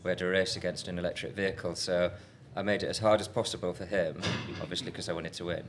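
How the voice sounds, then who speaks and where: A man's voice: low-pitched, steady tone, quick pace. A man co-hosting a live podcast, chatty and self-deprecating. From Yorkshire, England. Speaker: podcast co-host. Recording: faint ambient noise, live event.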